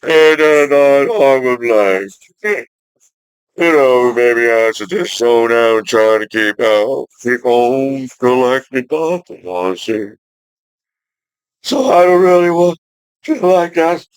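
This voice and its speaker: Slow, rambling forty-year-old man. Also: mid-range voice, clean tone, dry recording, poor audio. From United States. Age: 40s. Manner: slow, meandering, with many "you know" fillers and sudden loud outbursts. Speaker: vlogger. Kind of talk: rambling monologue to camera.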